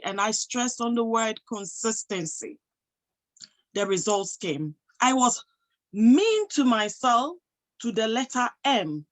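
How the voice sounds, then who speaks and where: A woman's voice: a little high, a bit bright, rough recording. A woman giving a motivational talk to an audience, emphatic, posing rhetorical questions and answering them herself. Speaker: motivational speaker and health professional.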